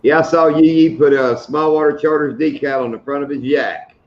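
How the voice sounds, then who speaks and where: A man's voice: fairly high pitch, fairly even intonation, fairly quick, a little mellow, dull audio. A middle-aged man hosting a live stream, chatting casually and telling funny stories. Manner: joking storyteller, laughs at his own stories. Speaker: host of a fishing channel live stream.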